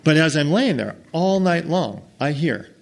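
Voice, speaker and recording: Animated American man telling a story. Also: fairly high pitch, unhurried, creaky. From United States. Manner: animated, acts out every character and sound. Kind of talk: comic campfire storytelling to an audience.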